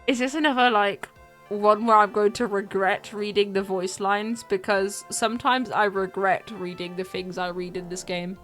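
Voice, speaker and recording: A woman's voice: mid-range voice, steady tone, moderate pace, a bit bright, soft background music. A woman streamer chatting playfully as she plays through a game live.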